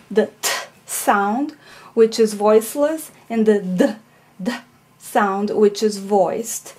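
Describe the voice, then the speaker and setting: A woman's voice: on the high side, darkish tone. A woman teaching a recorded phonetics lesson, explaining patiently and checking in with "okay?" and "right?".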